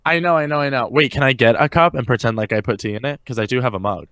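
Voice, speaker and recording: A man's voice: medium pitch, fast talker, fairly bright tone, no echo, studio quality. A man co-hosting a casual podcast, playful and giggly in his reactions. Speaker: podcast co-host. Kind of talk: casual chat.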